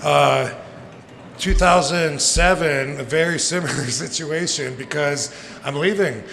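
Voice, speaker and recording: A man's voice: fairly high pitch, measured pace, creaky, a bit bright. A man in his forties telling rambling, profane stories with frequent laughter as a guest on a live podcast show. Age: 40s. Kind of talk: casual storytelling on a live podcast. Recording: live venue with long reverb and faint noise.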